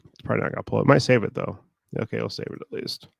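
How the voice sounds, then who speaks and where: Gravelly low man, monotone and rambling. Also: rapid-fire, dry recording. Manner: rambling, talks while working on a computer. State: sore throat. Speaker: online reseller. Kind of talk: casual talk while working.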